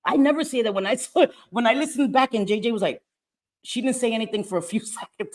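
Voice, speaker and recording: A woman hosting a livestream in casual chat, brash, profane and animated. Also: fairly high pitch, fast. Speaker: livestream host. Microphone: streaming mic.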